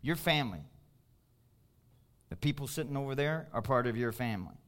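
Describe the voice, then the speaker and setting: Bright, emphatic male pastor preaching. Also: medium pitch, animated, brisk. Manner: emphatic, calls out to the congregation. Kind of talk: sermon.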